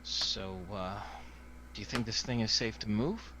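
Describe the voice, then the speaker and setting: A man's voice: lowish voice, measured pace, bright, forceful tone, slight background noise. A man narrating as game master, with lots of fillers.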